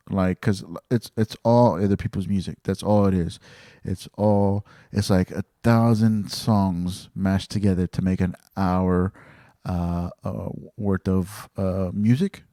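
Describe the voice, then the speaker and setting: Man, podcast host, rambling casual talk, fillers and restarts, dark mellow tone. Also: lowish voice, no room sound, studio quality.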